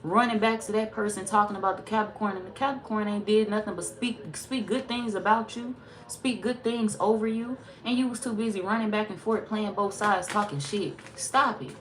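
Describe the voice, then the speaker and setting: A woman's voice: mid-range voice, steady tone, fairly quick. Woman tarot reader, blunt and profane, sassy, emphatic casual talk. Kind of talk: casual tarot reading monologue.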